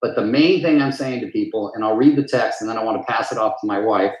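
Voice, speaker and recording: A man's voice: lowish voice, fast. Male real estate coach, earnest and emphatic, recorded in a roomy space. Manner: earnest, emphatic, repeats phrases for weight. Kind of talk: live town hall talk. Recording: roomy echo.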